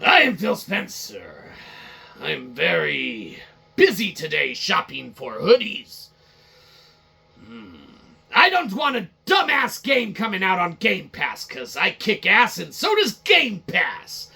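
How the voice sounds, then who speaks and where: A man's voice: high voice, wildly swooping pitch, slow, creaky, bright, forceful tone, slightly rough, pitched above the performer's own voice, heavily acted. A man doing a pompous gaming boss. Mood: smug. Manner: boastful, repeats his own name. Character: pompous self-important male gaming executive.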